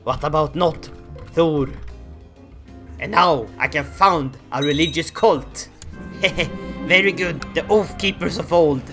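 High-voiced excitable man gaming. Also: slow, long pauses, faint music behind. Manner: excitable, theatrical outbursts and laughter. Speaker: gaming YouTuber. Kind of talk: Let's Play commentary.

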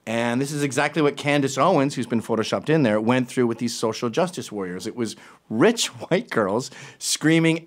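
A man's voice: medium pitch, normal speed. A man hosting a talk show, commenting casually and sarcastically on tweets and clips. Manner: animated, sarcastic asides. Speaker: show host.

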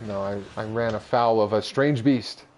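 A man's voice: lowish voice, moderate pace, a little mellow, slight background noise. Chatty male game streamer. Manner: chatty, upbeat, talks to chat while playing. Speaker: streamer playing a space exploration game. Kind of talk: casual live-stream chat.

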